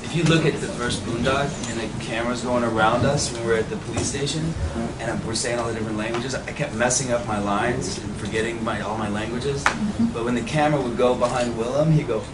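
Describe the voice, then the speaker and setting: A man telling casual stories from a film set in a relaxed, low-key way. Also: fast talker. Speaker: actor guest. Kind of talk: casual storytelling. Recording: echoey venue, far mic, loud noise.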